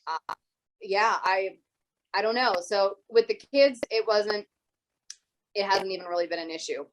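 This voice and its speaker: A woman teacher talking casually as an interview guest, telling lively stories and acting out the voices of the people in them. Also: mid-range voice, measured pace, a little hiss or hum, poor audio. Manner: animated storyteller who acts out other people's voices.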